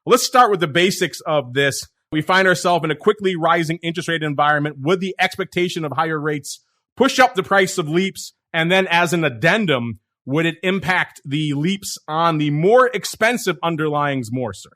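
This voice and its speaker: A man's voice: on the high side, normal speed. A man hosting a podcast, talking energetically and reading out listener questions in a casual, chatty way. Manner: energetic, talkative, reads listener questions aloud. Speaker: podcast host.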